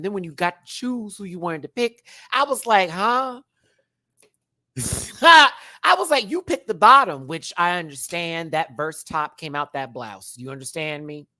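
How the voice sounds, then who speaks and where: A man reviewing a reality show on a livestream, chatty and animated, swinging between loud bursts and hushed asides. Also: on the high side, dry recording, clean studio sound. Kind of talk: casual livestream commentary.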